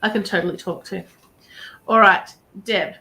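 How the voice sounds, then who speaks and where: A woman's voice: medium pitch, fairly even intonation, moderate pace, pushed and bright, rough recording. Chatty woman giving encouraging advice. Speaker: psychic reader and show host. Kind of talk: live-stream card reading.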